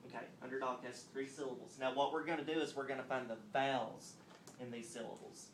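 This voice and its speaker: A man teaching a phonics lesson on video, explaining step by step and clapping out words slowly. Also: medium pitch, fairly even intonation, a little hiss or hum. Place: classroom. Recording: roomy echo, mic at a distance, faint ambience.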